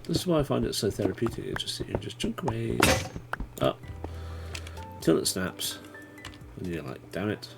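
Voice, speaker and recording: A man's voice: lowish voice, very animated, normal speed, gravelly, pauses often, over loud music. A man chatting casually to his viewers while playing a game on a livestream, rambling and swearing when startled. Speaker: streamer. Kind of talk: casual gaming livestream chat.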